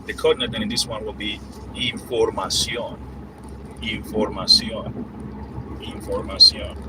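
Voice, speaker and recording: A man teaching Spanish vocabulary casually while driving, explaining loosely with fillers and slowing down to spell out and repeat examples. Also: lowish voice, flat delivery. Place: inside a moving car. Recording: distant mic with loud road noise.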